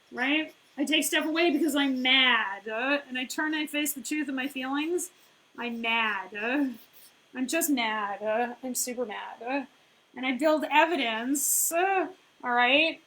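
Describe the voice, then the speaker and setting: A woman's voice: high-pitched, a bit bright, rough recording. A woman in her thirties who runs a business and coaches, talking casually in a conversational way, full of fillers and frequent "right?" check-ins. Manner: conversational, filler-heavy, keeps asking "right?". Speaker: business owner and life coach.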